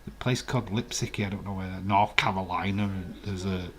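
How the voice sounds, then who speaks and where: This low-pitched male voice moves fairly quickly with fairly even intonation. He's a live stream host from West Yorkshire with a Yorkshire English accent, hosting a casual watch-along and trading playful, argumentative remarks with viewers.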